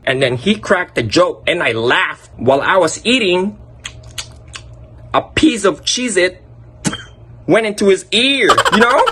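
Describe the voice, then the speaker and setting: A young man casually telling funny school stories, animated and profane, breaking into laughter. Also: fairly high pitch, breathy edge. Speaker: vlogger. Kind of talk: casual storytelling.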